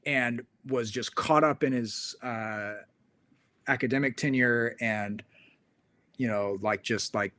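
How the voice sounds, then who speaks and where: A man's voice: mid-range voice, takes it slowly, bright, forceful tone, no echo. A male host in casual chat, telling a rambling story with plenty of fillers.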